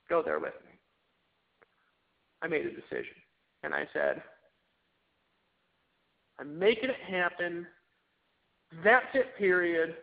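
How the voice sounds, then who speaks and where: A man's voice: high voice, gravelly. A man giving an emphatic, repetitive motivational pep talk to a group on a conference call. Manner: emphatic, repetitive, preachy exhortation. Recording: tinny phone line.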